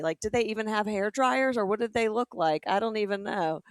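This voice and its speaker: A middle-aged woman from the American South, a comedian co-hosting a podcast in casual chat, playful and quick to laugh, putting on voices for jokes. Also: medium pitch, clear, resonant tone, dry recording.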